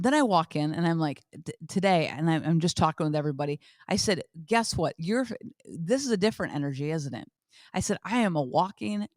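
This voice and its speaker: A woman's voice: on the low side, no room sound, studio quality. A middle-aged woman hosting a motivational podcast, talking emphatically and repeating phrases for effect. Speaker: podcast host.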